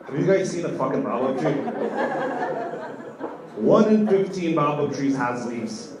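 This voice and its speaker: A young man doing a stand-up comedy set on a club stage, telling loose stories full of "like" fillers and getting loud on the punchlines. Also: high voice, measured pace, pauses often. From Kenya. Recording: echoey club audio from far off, with room noise.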